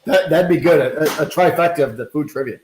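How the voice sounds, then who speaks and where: A man co-hosting a podcast chat from his home kitchen, his slightly high voice bouncing around the echoey room. He teases the guests in a playful, casual way. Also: brisk, darkish tone, a little hiss or hum. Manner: teasing, playful. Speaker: podcast co-host.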